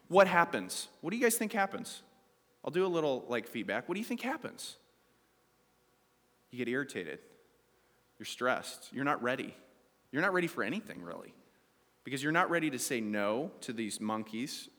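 Guy pastor preaching in church, really animated, lots of up and down, echo trailing off in a big hall. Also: fairly high pitch. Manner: animated preaching, asks the congregation questions. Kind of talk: sermon.

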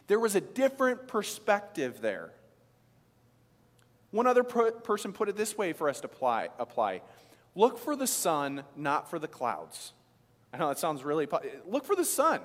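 A man, preaching a sermon in an emphatic, conversational way with frequent restarts. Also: sits high. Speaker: pastor. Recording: long reverb of a large hall.

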